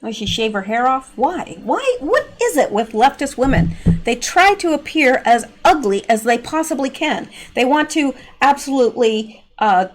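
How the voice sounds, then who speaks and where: A woman's voice: high-pitched, animated, normal speed. A woman hosting an opinionated political commentary vlog, talking in a sarcastic, mocking, exasperated way. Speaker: political commentary channel host.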